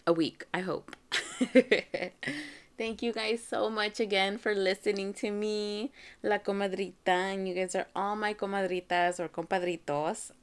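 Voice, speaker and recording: A woman in her thirties hosting her own podcast, telling a story in a chatty, animated way with frequent laughs. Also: mid-range voice, measured pace. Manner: chatty, animated, often laughing, acts out quoted voices. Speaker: podcast host and mother. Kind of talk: casual storytelling monologue.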